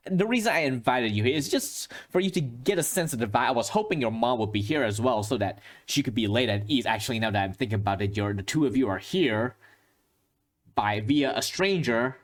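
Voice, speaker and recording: A man voicing a brash, bossy middle-aged male horror film director who talks smoothly. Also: medium pitch, expressive, fairly quick, natural voice. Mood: smooth-talking. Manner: bossy, upbeat, claps people into place.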